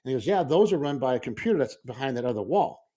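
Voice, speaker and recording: A man in casual podcast chat, a school librarian telling an animated story and acting out his own reactions. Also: mid-range voice, quick pace.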